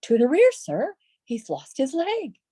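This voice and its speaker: A woman voicing a bewildered, simple-minded young male soldier in a read-aloud story, speaking slowly in a raised, puzzled voice. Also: high-pitched, huge pitch swings, mellow, no room sound, studio quality, voice pushed up, heavily acted. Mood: earnest.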